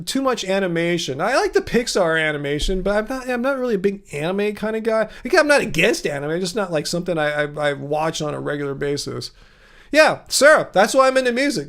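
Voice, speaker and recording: A man's voice: sits high, a bit bright. A man hosting a casual livestream, answering viewer comments in a chatty, earnest way, thinking aloud with frequent restarts. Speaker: livestream host.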